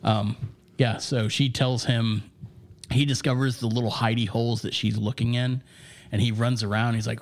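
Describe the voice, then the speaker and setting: A man's voice: mid-range voice, fairly even intonation, moderate pace. A man on a movie podcast casually retelling scenes from an extended cut. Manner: laughs easily, retells scenes. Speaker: podcast co-host. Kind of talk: casual movie review chat.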